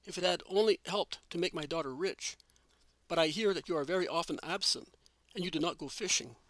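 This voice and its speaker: A reproachful old woman scolds her son-in-law without pause, read by a man. The tone is bright and forceful and slightly raised in pitch. It sounds dry and close. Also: no echo, close to an everyday voice. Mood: scolding. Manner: nagging, reproachful. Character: old scolding mother-in-law, sharp-tongued.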